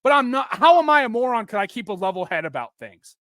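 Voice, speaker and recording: A man's voice: very high-pitched, sing-song, fast talker, bright, forceful tone, dry recording, studio quality. A man in his twenties hosting a solo sports podcast, venting with frustration and emphatic bursts. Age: 20s. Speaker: podcast host and football coach.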